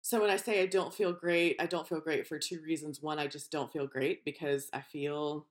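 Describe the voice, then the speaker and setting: A woman co-hosting a podcast in casual chat, telling animated stories and acting out quoted voices. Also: sits low, normal speed. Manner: animated storyteller, acts out quoted voices, laughs often. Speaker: podcast co-host.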